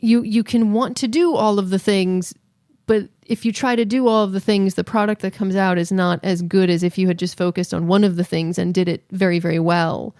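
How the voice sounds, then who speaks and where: A woman's voice: mid-range voice, fairly even intonation, a little fast, darkish tone, no room sound. Chatty woman podcast co-host, dry sound. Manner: chatty, acts out quoted voices. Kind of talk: casual chat.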